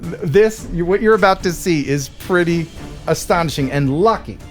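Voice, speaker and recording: An American man hosting a live stream, chatting casually and reading viewer mail, with animated reactions. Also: a little high, moderate pace, faint music behind. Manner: animated, laughs and cries out while reacting to clips.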